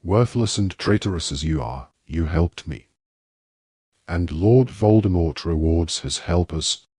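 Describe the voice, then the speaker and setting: A man doing a cold, quiet dark lord. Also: deep voice, measured pace, breathy edge, no room sound, clean studio sound. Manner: quiet, soft-spoken menace.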